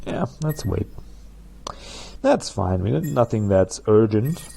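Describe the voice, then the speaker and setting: A man's voice: fairly low pitch, animated, slow, gravelly, warm tone, husky. A man with a German accent, a native German speaker, chatting through gameplay commentary as a let's play host and laughing at his own jokes.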